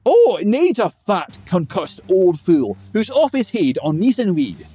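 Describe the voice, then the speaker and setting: Brief: male narrator doing a grumbling old Scots dwarf, loud and bristling. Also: on the low side, animated, a little slow, soft background music, full character voice. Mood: sarcastic. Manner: gruff, blustering. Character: fat concussed old male dwarf, gruff and bitter.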